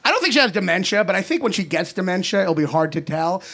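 A man in his thirties doing a stand-up set in a comedy club, ranting in an exasperated way and shouting his punchlines into a handheld mic. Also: sits high, sing-song, quick pace, vocal fry. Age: 30s. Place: comedy club basement before a live audience. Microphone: handheld stage microphone. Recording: live club recording with audience noise. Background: audience laughter.

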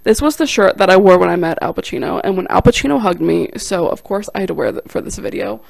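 Young woman, vlog storytime, gravelly fry, dry close mic, animated self-deprecating. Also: fairly low pitch, quick pace, no echo. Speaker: vlogger and stand-up comic. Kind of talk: casual storytime.

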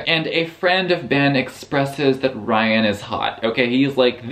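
A man chatting casually as a book vlogger, recapping a novel with sarcastic, animated storytelling. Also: mid-range voice, moderate pace, few pauses. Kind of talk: casual book review chat.

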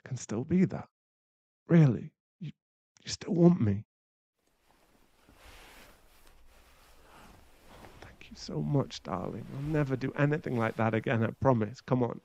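A man's voice: medium pitch, fast, hardly any pauses, darkish tone, no echo, dull audio, lightly acted. A man voicing a young boyfriend who is hot-tempered but remorseful, in a whispered role-play, swearing and then murmuring apologies. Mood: tender.

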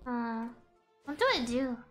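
A woman's voice: on the high side, steady tone, measured pace, a bit bright, faint music behind. A woman streaming a game, chatty, chaotic and playful, swearing and greeting chat. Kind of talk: live game stream commentary.

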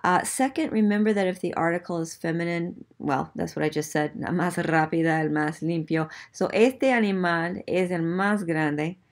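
A woman teaching a Spanish lesson, modeling example sentences slowly and counting aloud while students think. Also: on the low side. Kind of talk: language lesson.

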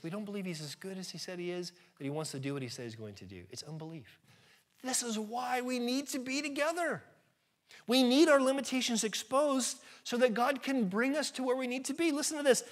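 A man preaching a sermon as pastor, earnest and emphatic, asking his listeners rhetorical questions. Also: high voice.

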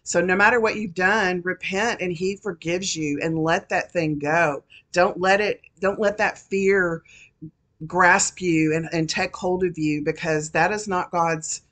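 A woman's voice: lowish voice, fairly even intonation, unhurried, a bit bright. A woman minister giving an earnest, encouraging devotional message, often repeating her phrases. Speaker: Christian minister.

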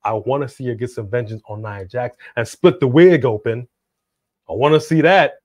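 A man's voice: medium pitch, normal speed, warm tone, dry recording, studio quality. A man co-hosting a live wrestling prediction stream, chatting casually and now and then bursting into a hype-announcer delivery.

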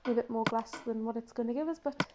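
A woman hosting her gaming channel chats casually through a gameplay session, her fairly high voice still rough after a cold. She talks quickly, giggles, and coaxes the in-game animals in a sing-song voice, with heavy background noise.

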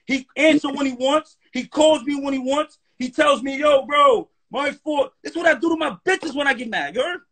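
A man's voice: very high-pitched, fairly quick, hardly any pauses. A man talking as a guest on a live stream in a heated, profane rant, often checking "you heard?". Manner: profane, animated, keeps asking "you heard?".

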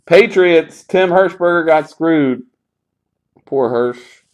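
Man, card break host, slow delivery, sarcastic, swears a lot, grumbling. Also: mid-range voice, a little mellow. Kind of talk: live card break commentary.

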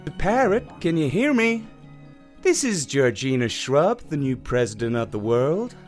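A man's voice: on the high side, big pitch swings, a little slow, faint music behind. A man doing a folksy, wheedling woman president. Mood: persuasive. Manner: drawling, wheedling.

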